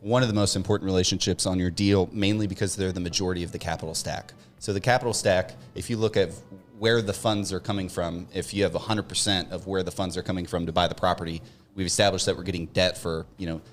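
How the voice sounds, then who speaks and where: A man co-hosting a casual podcast chat about real estate, talking in quick, emphatic bursts with joking asides. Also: low voice, steady tone, soft background music. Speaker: co-host.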